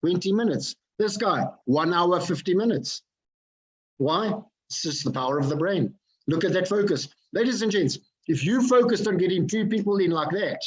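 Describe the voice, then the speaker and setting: A man giving an energetic motivational talk to an online group. He keeps asking his listeners questions and repeats his phrases for effect. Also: fairly high pitch, normal speed, breathy edge, lo-fi sound. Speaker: motivational speaker.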